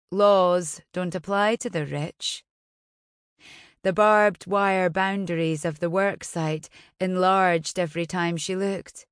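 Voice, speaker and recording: A woman narrates a novel in a measured, somber tone. Her voice sits a little low, and her delivery is unhurried. The recording is dry and close. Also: no room sound. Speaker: audiobook narrator. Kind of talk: scripted narration.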